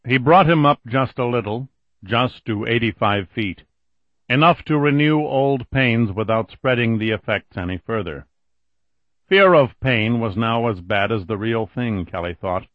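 A man narrating an audiobook in a steady, even reading voice, on a dull lo-fi recording. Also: mid-range voice, unhurried, dry recording. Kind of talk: scripted narration.

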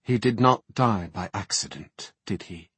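A man voicing a calm night elf high priestess, speaking softly and gravely in an audiobook. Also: unhurried, no echo, heavily acted.

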